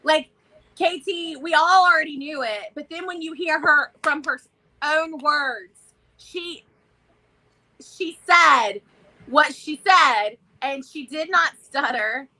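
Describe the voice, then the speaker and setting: A woman with a Southern American accent, co-hosting a casual vlog chat in an animated, chatty way. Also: high-pitched, slow, low-quality recording. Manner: animated, chatty, loud exclamations and laughs. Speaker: vlog co-host.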